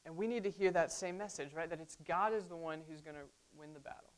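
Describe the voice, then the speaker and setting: A woman's voice: on the low side, fast. A woman delivers a sermon from the pulpit. She keeps it conversational, tossing in frequent asides to the congregation. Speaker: pastor.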